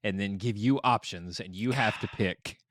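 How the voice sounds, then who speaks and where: A man hosting a casual podcast, running a game and reading headlines slowly, laughing often. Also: lowish voice, a bit bright, a little hiss or hum. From Florida. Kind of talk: casual chat.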